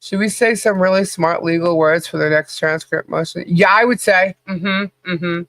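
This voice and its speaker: A woman's voice: fairly low pitch, normal speed, fairly bright tone, no room sound. A woman co-hosting a casual livestream podcast, chatty, laughing often and greeting viewers by name. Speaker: podcast co-host.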